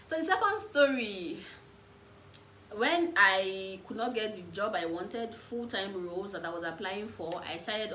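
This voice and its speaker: A woman's voice: medium pitch, moderate pace. A young woman in her twenties with a Nigerian accent, telling stories in a casual vlog and acting out the people in them. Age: 20s. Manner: animated, acts out the other people in her stories. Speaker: vlogger. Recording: echoey room, faint background noise.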